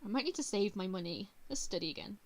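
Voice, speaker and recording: A woman streamer reading a visual novel aloud, with animated, chatty asides to her viewers. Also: medium pitch, fast talker. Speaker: VTuber streamer.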